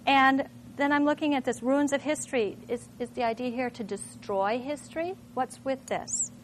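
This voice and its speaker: A woman's voice: sits high, moderate pace, a little hiss or hum. A middle-aged woman from Minnesota, a teacher thinking aloud with lots of rhetorical questions while demonstrating to a room. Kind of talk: classroom demonstration talk.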